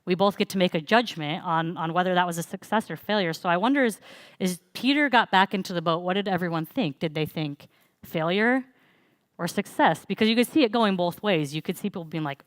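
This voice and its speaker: A young woman shares a church message in an easygoing, storytelling style, as if chatting with friends, dropping in laughs and filler words. Her voice is a touch low, smooth and resonant, moving at a fairly quick pace in a dry, close recording.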